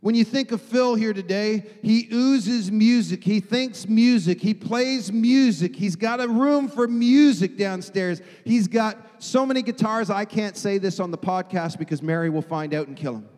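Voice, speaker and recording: Emphatic high-voiced preacher in a hall. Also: male voice, moderate pace, hardly any pauses. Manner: emphatic, swings from loud to hushed. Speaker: pastor. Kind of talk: sermon.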